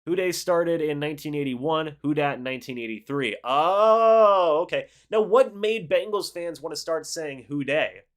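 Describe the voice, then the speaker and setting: A young man hosting a live football reaction stream, calling the plays and chatting with viewers in an excitable, talkative way. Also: a little high, moderate pace, hardly any pauses. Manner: excitable, chatty, reads chat aloud and calls plays. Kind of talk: live game reaction with play-by-play and chat replies.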